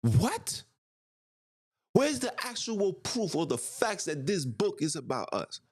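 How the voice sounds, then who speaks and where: Male podcast host, ranting, emphatic, rhetorical questions, very animated pitch. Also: normal speed. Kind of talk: impassioned monologue.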